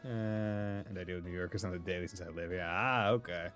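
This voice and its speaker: With a deep, steady, and fairly bright voice, a man from Massachusetts talks briskly in his home-state accent as he streams a game. He rambles casually and laughs a lot while soft music plays in the background.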